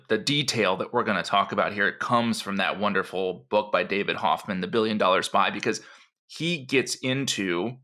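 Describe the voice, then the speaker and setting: Man, podcast co-host, bright tone, enthusiastic storytelling. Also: lowish voice.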